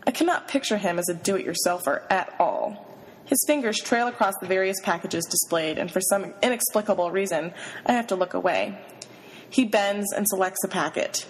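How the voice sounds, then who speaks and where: A woman reading a novel aloud in the first person, giving the inner monologue an expressive, flustered delivery. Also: medium pitch, normal speed, in a large hall, a little hiss or hum, low-quality recording. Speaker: reader.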